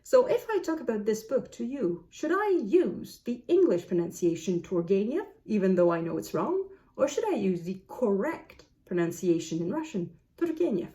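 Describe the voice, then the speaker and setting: A woman's voice: medium pitch, big pitch swings, normal speed, dark tone. A woman whose first language is French, talking to camera as a book vlogger, musing aloud and asking herself questions. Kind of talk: casual talk to camera.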